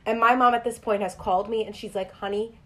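Lively young woman telling stories. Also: on the high side, fast. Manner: animated, laughing storyteller. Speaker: podcast co-host. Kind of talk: casual podcast chat and storytelling.

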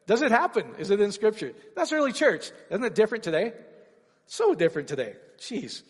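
A man preaching an informal sermon, energetic and full of rhetorical questions and sudden exclamations. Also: on the high side, brisk, slightly rough, big-room sound.

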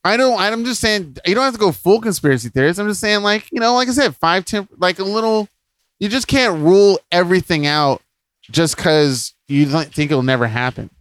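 A man co-hosting a casual podcast, rambling and animated, laughing often. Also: sits high, a little fast, no echo. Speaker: podcast co-host.

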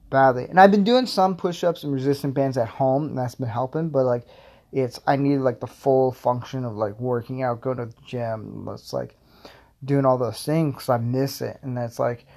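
A young man talks on his own podcast in loose, meandering chat. He stacks fillers and pokes fun at himself. His voice sits at an ordinary middle pitch. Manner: rambling, filler-heavy, self-deprecating. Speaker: podcast host. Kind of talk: casual solo podcast rambling.

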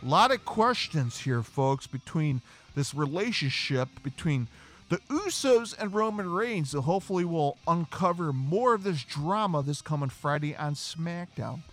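A man hosting a casual wrestling review podcast, animated and acting out quotes. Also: on the high side, a little slow. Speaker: podcast host.

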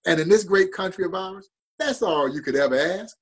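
A man's voice: high-pitched, lively intonation, fairly quick, fairly bright tone, slightly rough, poor audio. A man telling a story with passion and drama as a guest on a talk show. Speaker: baseball museum guest. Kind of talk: storytelling interview.

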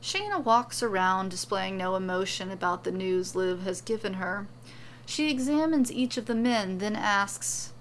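A woman reading a serialized story aloud as its storyteller, with steady, even narration. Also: mid-range voice, a little slow, slight background noise.

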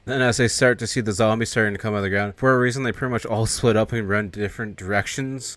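Man, podcast host, rapid casual plot recap, lowish voice, dry close sound. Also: fairly bright tone, dry recording. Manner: loose, profane storytelling with frequent fillers.

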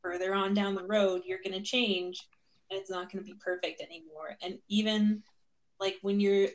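A woman's voice: medium pitch, little pitch movement, moderate pace, highs cut off. A woman co-hosting a writing podcast, talking casually with a blunt, playful edge and some swearing. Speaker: podcast co-host.

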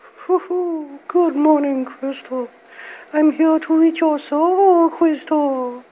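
Man doing a squeaky, drawn-out creepy pest voice; slow and sing-song. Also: mellow, slight background noise, low-quality recording.

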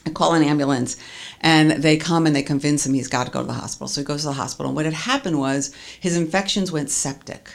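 A woman's voice: low-pitched, fast talker, creaky. A woman earnestly recounting a personal story as a testimony, stringing events together with "and".

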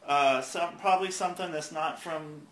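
A man in a casual podcast chat, rambling in halting bursts and joking about himself. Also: on the high side, fairly bright tone. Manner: rambling, halting, quick to joke. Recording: echoey room with faint background noise.

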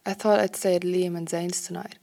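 A woman voicing a young man who is drowsy and bitter late at night, in a soft, half-whispered way. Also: on the low side, little pitch movement, brisk, gravelly.

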